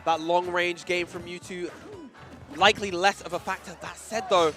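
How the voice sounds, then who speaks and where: A man commentating live on a fighting-game match, excitable and bursting into shouts at big plays. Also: sits high, normal speed. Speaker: esports commentator. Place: tournament venue with crowd and music. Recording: loud crowd and event music behind.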